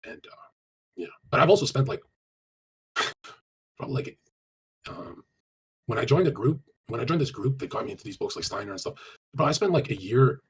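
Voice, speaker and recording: Here the man's voice sits at medium pitch, husky and very animated. Fielding chat questions on a live stream, he gives blunt, crude dating advice laced with frequent swearing, talking fast in run-on stretches stuffed with fillers.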